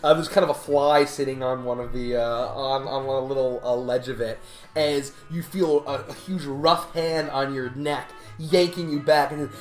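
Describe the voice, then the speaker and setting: A woman narrating a tabletop game as game master, halting with many fillers. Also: extremely low pitch, fairly even intonation. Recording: echoey room with music behind.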